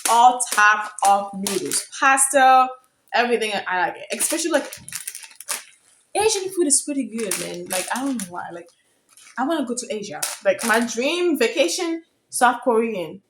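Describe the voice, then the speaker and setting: A young woman from Africa telling a story in a casual vlog, chatty and excitable, getting loud when thrilled. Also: a little high, moderate pace, noisy background. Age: young adult. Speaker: vlogger.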